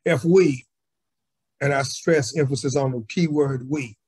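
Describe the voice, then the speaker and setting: Husky man giving a measured speech. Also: medium pitch, fairly even intonation, darkish tone. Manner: measured, read-aloud policy speech. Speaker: community organizer speaker. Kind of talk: prepared speech at a virtual assembly. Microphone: video call.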